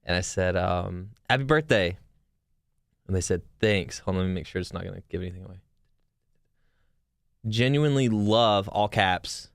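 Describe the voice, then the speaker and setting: A man's voice: low-pitched, clean tone, no room sound, clean studio sound. A young man co-hosting a podcast, chatting casually, asking questions and laughing easily. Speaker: podcast co-host. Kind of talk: casual chat.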